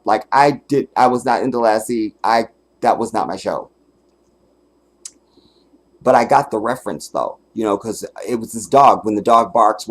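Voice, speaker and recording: With a medium-pitched voice, a livestream host chats alone to his audience, telling stories in a profane, animated way. Laughter breaks in often, along with the occasional forceful declaration.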